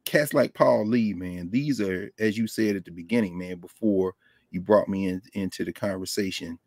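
A man guest on a live video call, telling stories in a casual, animated way, laughing often. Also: deep voice, normal speed, dry recording, studio quality. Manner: animated, loose, laughs often, drops into quoted voices. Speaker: guest scholar. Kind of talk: casual conversational storytelling. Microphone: desk microphone on a video call.

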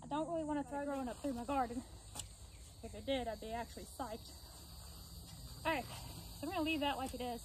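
This backyard gardening vlogger has a high voice and talks a little fast, though she leaves long pauses as she explains each step to the camera. She's occasionally out of breath while working. Expect poor audio with a slight hiss or hum.

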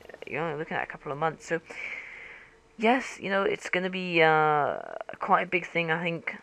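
A man rambles through casual game commentary, filling gaps with ums and restarts. His voice is bright and a little high. He speaks into a gaming headset and has a cough. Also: moderate pace. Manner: rambling, many fillers and restarts.

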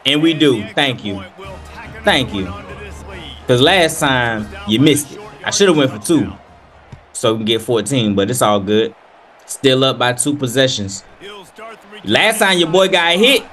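A young man giving casual play-by-play commentary while playing a football video game, animated, hyped and trash-talking. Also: mid-range voice, a little slow, long pauses, faint music behind. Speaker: gaming video creator.

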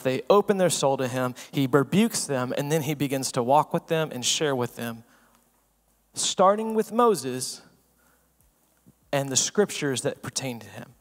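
A man preaching a sermon as pastor, swinging between loud emphasis and hushed asides and asking the room rhetorical questions. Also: mid-range voice. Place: church sanctuary. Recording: long reverb of a church hall.

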